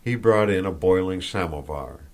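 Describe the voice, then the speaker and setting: A man reading a classic novel aloud as an audiobook narrator, in a measured, even delivery. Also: deep voice. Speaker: audiobook reader. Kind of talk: scripted narration.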